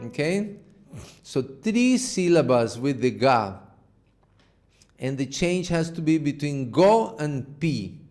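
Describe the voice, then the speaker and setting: A man teaching an online class, slowly explaining how to chant and singing short demonstration phrases. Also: on the high side, big pitch swings, a little mellow, soft background music. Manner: patient, slow instruction with sung demonstrations of a chant. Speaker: music teacher.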